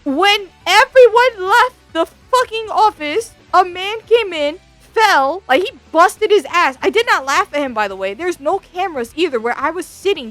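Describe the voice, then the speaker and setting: A woman's voice: very high voice, dry recording. A woman VTuber telling a story in a casual, slangy rant, swearing freely. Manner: animated, slangy, swears a lot.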